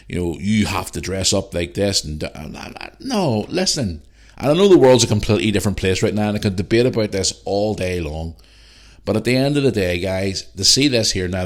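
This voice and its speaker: A man hosting his own podcast, ranting heatedly and swearing, with lots of repeated phrases. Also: sits low. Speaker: podcast host. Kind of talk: solo podcast rant.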